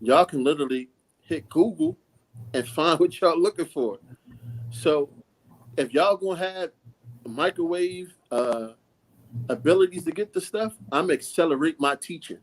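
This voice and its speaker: A man's voice: on the high side, poor audio. Straight-talking middle-aged man, earnest. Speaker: coach, mentor. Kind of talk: casual podcast conversation.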